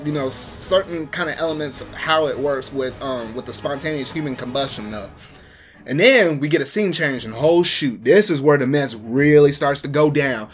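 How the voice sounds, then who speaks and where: A man casually reviewing an anime episode, rambling with many fillers. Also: mid-range voice.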